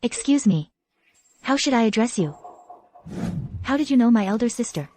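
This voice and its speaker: A woman playing a cool, mellow-voiced female CEO. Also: on the high side, animated, moderate pace, a little hiss or hum, lightly acted. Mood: composed. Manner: composed and matter-of-fact. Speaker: company CEO. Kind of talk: dubbed short drama acting.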